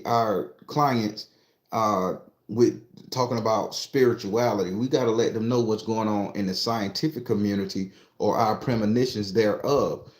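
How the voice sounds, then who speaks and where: A man's voice: medium pitch, a little mellow, reverberant. Profane, preachy spiritualist man. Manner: profane, preachy, joking asides. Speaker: spiritualist and tarot reader. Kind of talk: casual monologue to followers.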